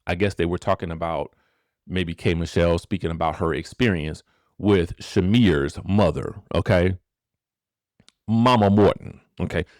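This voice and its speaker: Animated man hosting gossip commentary. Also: deep voice, normal speed, no room sound, studio quality. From rural area. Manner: animated, rhetorical, keeps checking in with the audience. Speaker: gossip show host. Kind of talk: casual celebrity gossip commentary.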